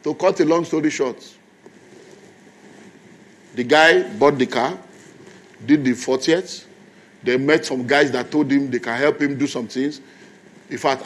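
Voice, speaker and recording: A man's voice: mid-range voice, moderate pace, pauses often. A man with a Nigerian accent preaching a sermon in a church, telling stories conversationally and repeating his points to the congregation. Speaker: pastor.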